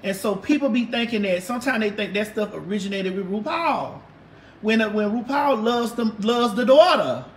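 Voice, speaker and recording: A woman's voice: medium pitch, fairly quick, slight background noise. A woman hosting a casual livestream and chatting with viewers in a brash, sassy, drawling way, with lots of cussing. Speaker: livestream host. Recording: roomy echo.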